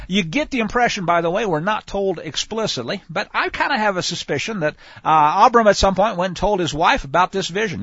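A man teaching scripture in a conversational way, animated and speaking straight to his listeners. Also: high voice, a little fast, hardly any pauses, no echo. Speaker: Bible teacher. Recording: dull lo-fi, dry sound.

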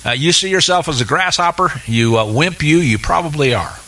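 A man teaching through Scripture in an animated, sarcastic way, with many filler uhs. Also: a little high, brisk, rough recording. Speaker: Bible teacher. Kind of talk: expository Bible teaching.

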